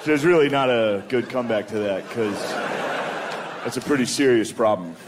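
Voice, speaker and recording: A man doing a crude stand-up comedy set, saying "dude" a lot and jumping into high-pitched quoted voices. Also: normal speed. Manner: crude, loose delivery with frequent "dude" and sudden high-pitched acted quotes. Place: comedy venue with a laughing audience. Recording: live club recording with crowd noise. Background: audience laughter.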